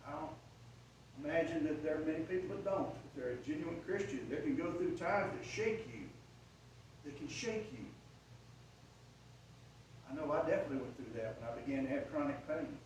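A man preaching a sermon, retelling a story with dramatic swells in volume. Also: fairly high pitch. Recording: echoey room from far off, faint noise.

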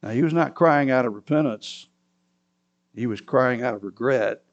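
A man's voice: mid-range voice, normal speed, highs cut off. A man preaching a sermon, retelling a scripture story with dramatic swings and sudden raised cries.

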